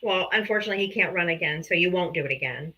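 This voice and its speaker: A woman's voice: lowish voice, racing, sharp tone, low-quality recording. A woman hosting a live political debate stream, combative, sarcastic and heavy on profanity.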